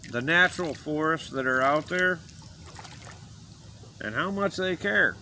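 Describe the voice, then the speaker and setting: Earnest, rambling man with a bright voice. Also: on the high side, animated, unhurried, a little hiss or hum, poor audio. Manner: earnest, rambling, emotional, pleading. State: choked up. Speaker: vlogger. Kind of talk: impassioned personal message to camera.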